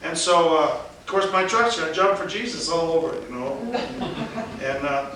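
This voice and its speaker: A man telling his testimony as an evangelist, in an animated storytelling way, laughing often and acting out other people's lines. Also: on the high side, moderate pace, a little hiss or hum. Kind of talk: storytelling conversation. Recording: very echoey room, mic at a distance.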